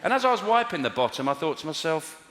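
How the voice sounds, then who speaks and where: A man's voice: fairly high pitch, sing-song, fast talker, heavy background noise. A man doing a stand-up routine, wry and exasperated, with bursts of mock outrage. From England. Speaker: stand-up comedian. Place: large theatre stage with live audience. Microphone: stage mic. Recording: echoey hall with loud audience laughter.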